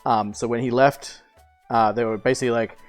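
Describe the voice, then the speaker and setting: A man's voice: medium pitch, fairly even intonation, brisk, smooth, soft background music. A young man streaming, casually telling a long story with lots of "like" fillers, swearing and laughter.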